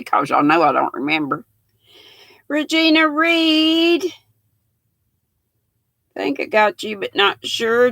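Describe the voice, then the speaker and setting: Woman, 60s, live-stream host, affectionate chatter, unhurried speech, dry close sound. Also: a little high, a bit bright, no room sound. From Southern United States. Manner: chatty, affectionate, calls viewers pet names. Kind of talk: casual live-stream chat greeting viewers.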